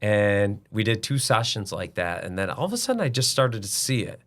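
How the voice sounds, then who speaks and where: A man's voice: fairly low pitch, very animated, fairly quick. A middle-aged man, a business owner guest, talking bluntly and emphatically in a casual interview, now and then swearing.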